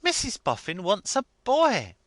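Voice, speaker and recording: An emphatic little clergyman's wife, pressing her point eagerly in a high, bright voice, put on by a male narrator. Her lively lines dart up and down in a dry, close audiobook recording. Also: a little slow, dry recording, full character voice. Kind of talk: audiobook character reading.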